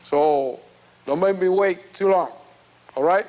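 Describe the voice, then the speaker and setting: A man's voice: high voice, takes it slowly, heavy background noise. Man sending a heartfelt video greeting. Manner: warm, affectionate, switches into doting baby talk. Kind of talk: casual video message.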